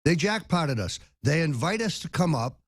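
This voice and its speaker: A man's voice: on the high side, sing-song, normal speed, dry recording. An older man as a talk show guest, emphatic and indignant, leaning hard on single words. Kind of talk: political talk show interview.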